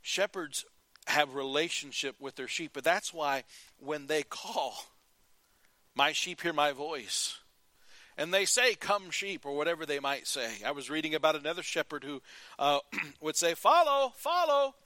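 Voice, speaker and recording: Male pastor, fairly high, bright forceful voice, earnest sermon delivery. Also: a little slow, no echo. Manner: earnest preaching, rising to emphatic calls and dropping to quiet.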